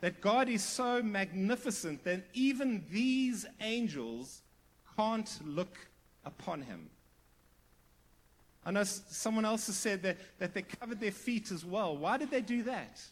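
High-voiced man preaching a sermon. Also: animated, unhurried. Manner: emphatic, rising to near-shouted repetition; asks the congregation questions. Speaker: pastor.

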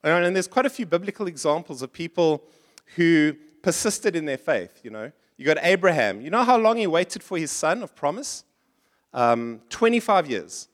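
Male pastor, high voice, lively preaching style, puts on complaining voices. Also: normal speed. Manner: animated, acts out complaining voices in higher pitch. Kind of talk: sermon. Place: church.

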